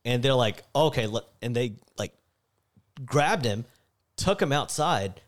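A young man casually telling a story about his time as a store clerk, animated and laughing, acting out the quotes loudly. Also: medium pitch, slow pace.

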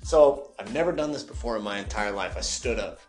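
A man's voice: fairly low pitch, fairly quick, faint music behind. A man co-hosting a podcast, telling a long workplace story in casual chat and often acting out the people in it. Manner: animated storyteller who mimics customers in raised voices. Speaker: podcast co-host.

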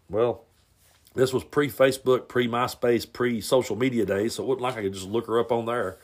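A man hosting his own podcast, telling a story from his youth in a relaxed, rambling way with plenty of fillers, recorded at home. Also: medium pitch, moderate pace. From Tennessee. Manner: rambling, laid-back, lots of fillers. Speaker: podcast host. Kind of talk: casual storytelling monologue. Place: home, near the garage.

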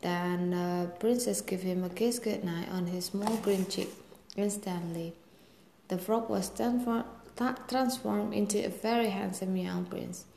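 A woman reading a fairy tale aloud in a gentle, steady storytelling manner. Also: medium pitch, unhurried, vocal fry, slight background noise. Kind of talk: storybook read-aloud narration. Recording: echoey room with faint ambience.

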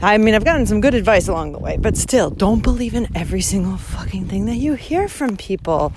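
A woman vlogging while out on a walking route, ranting and rambling with heavy swearing, jumping between loud outbursts and quiet muttered asides. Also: mid-range voice, animated, fairly quick, background noise. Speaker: vlogger hiking a long-distance trail. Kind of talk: ranting monologue to the listener.

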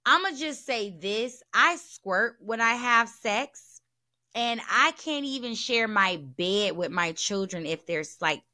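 On her own frank podcast, a female host curses freely, says things straight, and hammers her points through repetition. She speaks slowly in a fairly high, bright, pushed voice with lively intonation.

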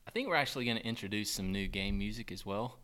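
A man hosting a podcast quiz game, upbeat and quick to laugh. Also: on the low side, pushed and bright. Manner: upbeat, laughs often, plays quizmaster. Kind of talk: casual podcast banter.

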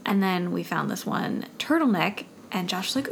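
A woman's voice: mid-range voice, animated, fairly quick, gravelly, few pauses, a little hiss or hum. A woman co-hosting a podcast in casual chat, laughing often as she talks. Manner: giggly, laughs often mid-sentence. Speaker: podcast co-host.

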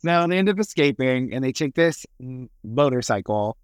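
A man's voice: medium pitch, lively intonation, moderate pace, smooth, no room sound. A man co-hosting a podcast, chatting eagerly about a movie, full of fillers and acted-out quotes. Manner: enthusiastic, lots of fillers, acts out quotes. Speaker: podcast co-host. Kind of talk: casual chat about a movie.

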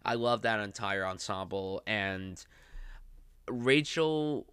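Guy hosting a movie podcast, low-ish voice but bright and clean, dry sound, rambles on excitedly. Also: slow, smooth, no room sound. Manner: enthusiastic, talks in loose run-on sentences with fillers. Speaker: podcast host. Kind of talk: casual film podcast chat.

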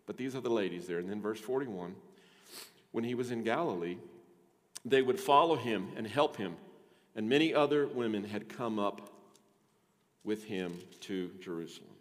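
A man's voice: medium pitch, normal speed. An older man preaching a sermon as pastor, conversational and rising to emphatic points with rhetorical asides to the congregation. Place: church sanctuary. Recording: long hall reverb.

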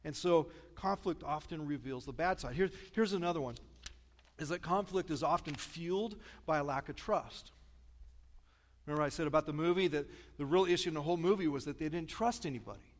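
Chatty Midwestern pastor in a big hall. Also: male voice, a little high, brisk. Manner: storytelling, chatty, self-deprecating humor. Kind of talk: sermon. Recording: long reverb of a large church hall.

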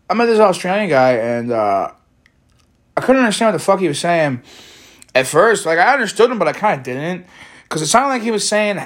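Profane rambling man with lively pitch. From Chicago area. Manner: profane, rambling, wry jokes, rants. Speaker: solo podcast host. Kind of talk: casual rambling monologue.

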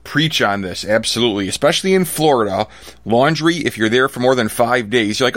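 A man's voice: mid-range voice, animated, a little fast, fairly bright tone, no echo. A man hosting a podcast interview, chatting casually and agreeing enthusiastically with his guest. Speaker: podcast host.

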